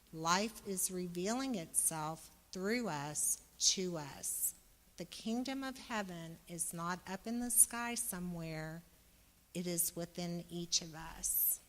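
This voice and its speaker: A woman giving a Sunday sermon, speaking slowly and gently, then growing loud and exuberant as she leads the congregation. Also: lowish voice. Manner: slow, gentle preaching that turns loud and exuberant when leading the congregation. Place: church sanctuary. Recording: reverberant church hall.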